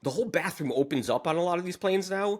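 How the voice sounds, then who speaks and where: A man hosting a podcast, telling a travel story in casual chat, lively and laughing as he goes. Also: sits high, fast. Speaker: podcast host.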